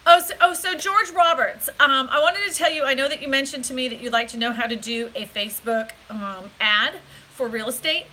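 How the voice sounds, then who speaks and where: A high-voiced woman with a sharp tone talks fairly quickly while chatting on a live stream from a hotel room. She is a real estate agent, giggly and rambling, and the phone-camera recording is low quality.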